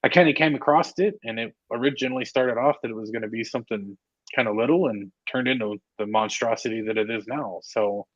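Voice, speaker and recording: A man speaking as a podcast guest from a hotel room, talking casually with frequent hesitant filler pauses. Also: medium pitch, no echo, dull audio.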